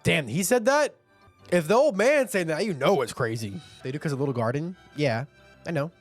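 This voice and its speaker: A man hosting a manga reaction, giving casual commentary with animated, profane asides. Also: on the high side, moderate pace, faint music behind. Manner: animated, swearing, laughing asides.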